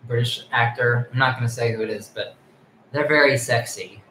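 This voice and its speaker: A young male actor, a guest on a casual live chat, easygoing and halting, full of "like". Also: mid-range voice, sharp tone. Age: young adult. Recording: echoey room with faint noise.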